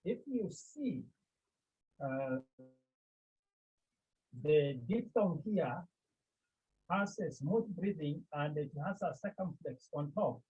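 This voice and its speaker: A man with a Cameroonian accent teaching a Greek class, speaking slowly and deliberately, often checking with his students. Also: fairly high pitch, expressive, darkish tone, slightly rough. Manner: slow, deliberate, repeats key points and checks with "Okay?". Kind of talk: classroom lecture. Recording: tinny phone-like line.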